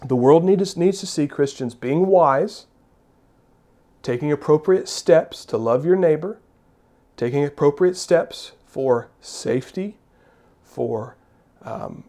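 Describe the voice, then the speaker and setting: A man's voice: medium pitch, warm tone. A man preaching a sermon as a pastor. He preaches emphatically, repeats his key phrases and asks the congregation rhetorical questions.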